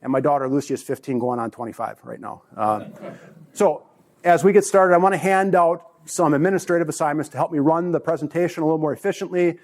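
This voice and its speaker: A man's voice: fairly high pitch, fairly even intonation, fast, a little mellow. A man in his forties, a conference presenter, speaking casually and jokingly to a live audience in a meeting room. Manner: chatty, joking, with restarts.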